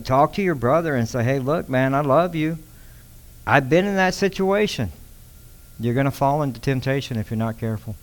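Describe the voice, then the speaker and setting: A pastor from Texas giving a relaxed, conversational sermon, using slang and often restarting his sentences. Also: medium pitch, smooth. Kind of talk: casual sermon teaching.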